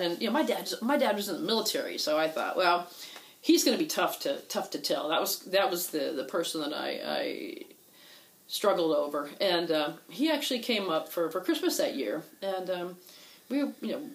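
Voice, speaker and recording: A woman telling a personal story in casual conversation, halting with many fillers and restarts. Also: fairly low pitch, rough recording. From Texas. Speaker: guest telling a coming-out story.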